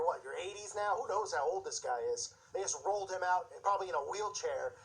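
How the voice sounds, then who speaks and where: A man's voice: sits high, low-quality recording. A man hosting his own show, delivering an agitated, indignant religious commentary rant with mocking asides. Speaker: show host.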